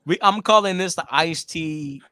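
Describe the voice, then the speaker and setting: A man in his thirties chats on a podcast, telling loose stories full of swearing and bursts of laughter. His voice sits high and sounds bright and forceful. The sound is dry, with no room around it. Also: moderate pace, dry recording. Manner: profane, storytelling, laughs often. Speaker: podcast co-host. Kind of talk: casual chat.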